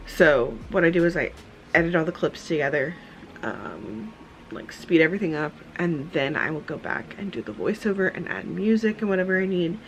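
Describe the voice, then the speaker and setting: A woman's voice: fairly low pitch, poor audio. Tired, chatty woman vlogging at home. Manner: chatty, rambling, with many fillers. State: tired, husky morning voice. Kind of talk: casual vlog chat. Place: dim home room at a desk, early morning.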